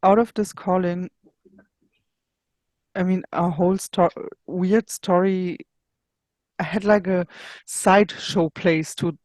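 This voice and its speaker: A woman speaking as an interview guest, recounting her own experiences in a plain, earnest way. She searches for her words and pauses often as she goes. The recording is dry and close, with almost no room sound. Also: fairly low pitch, a little mellow, dry recording. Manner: searching, personal storytelling with frequent pauses. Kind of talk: casual interview storytelling.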